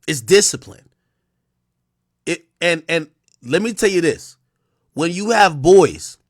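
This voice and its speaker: A young man ranting on a livestream, animated and profane, with frequent restarts. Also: on the high side, no room sound, clean studio sound. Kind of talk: casual livestream rant.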